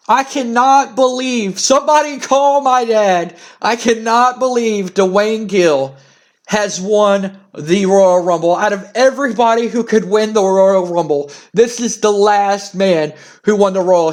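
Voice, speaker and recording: A man hosting a let's play of a wrestling sim, narrating with excitable, stammering disbelief. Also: high-pitched, measured pace.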